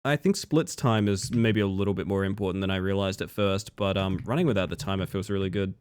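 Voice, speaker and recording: A man with a somewhat low voice chats casually to his stream audience between game runs. He sounds tired but easygoing, rambling and answering viewers as he plays. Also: quick pace, clear, resonant tone. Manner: relaxed, chatty, talks to chat between runs. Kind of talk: casual gameplay commentary.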